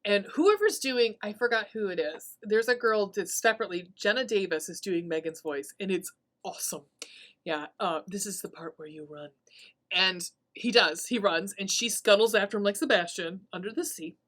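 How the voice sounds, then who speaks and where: A woman's voice: mid-range voice, normal speed. A woman hosting a podcast, casually recapping a horror movie, swearing freely and laughing often as she tells the story. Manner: profane, laughing, animated storytelling. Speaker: podcast host.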